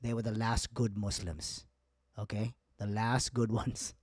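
Man doing a gruff immigrant dad. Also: fairly low pitch, level tone, measured pace, no room sound, clean studio sound. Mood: nostalgic. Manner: gruff, dismissive, bossy. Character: stingy, blunt Indian immigrant father, middle-aged.

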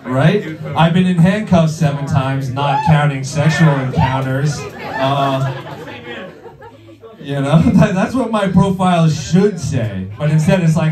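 A man's voice: fairly high pitch, lively intonation, slow, a crowd in the background. A young man doing a stand-up routine on a comedy club stage, crude and rambling with lots of filler words. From Long Island, New York. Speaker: stand-up comic. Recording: roomy club sound, heard from a distance.

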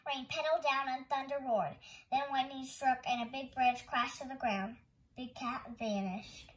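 A woman hosting storytime, reading a picture book aloud in a gentle, expressive way. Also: high-pitched, a little slow, rough recording. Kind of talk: children's read-aloud narration.

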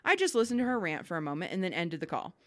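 A woman co-hosting a podcast, reading listener emails aloud and telling stories in a lively, swearing, laughing way. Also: fairly low pitch, racing, no echo, studio quality. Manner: animated storyteller, swears freely, laughs often. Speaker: podcast co-host.

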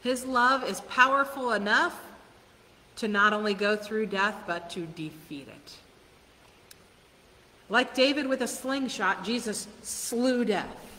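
A woman pastor preaches slowly and earnestly, her voice bright and clear. She poses questions to the congregation and laughs softly now and then. Her words ring in a long church reverb over a faint hiss. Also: fairly high pitch. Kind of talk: sermon. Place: church sanctuary.

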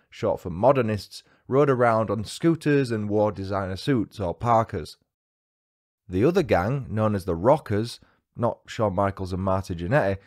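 A man's voice: on the low side, darkish tone. A man hosting a true crime podcast, reading a scripted story with dry, wry asides.

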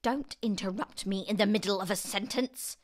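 A woman voicing a bossy, cranky old grandmother who snaps and shouts in a storybook reading. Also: mid-range voice, lively intonation, moderate pace, voice pushed up, natural voice. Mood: snapping.

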